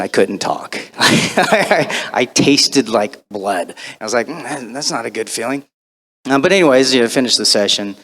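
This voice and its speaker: A man answering audience questions on a convention panel, chatty and animated, acting out the voices in his stories. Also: lowish voice. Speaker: voice actor guest on a convention panel.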